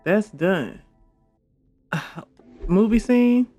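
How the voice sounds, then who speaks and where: A gamer giving casual, animated commentary over a detective game playthrough, often exclaiming and laughing. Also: medium pitch, drawn-out words. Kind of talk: casual let's-play commentary. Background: game music.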